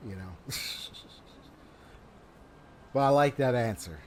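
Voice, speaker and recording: A man casually commenting on a game he is playing, animated and slangy, laughing often. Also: medium pitch, normal speed, pauses often, slight background noise. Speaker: let's play host.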